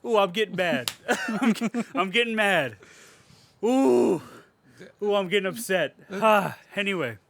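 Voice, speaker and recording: A man's voice: high-pitched, lively intonation, normal speed, few pauses, a bit bright, a little hiss or hum. A man hosting a casual podcast chat, profane and ranting, often laughing as he reads out and mocks reviews. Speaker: podcast host.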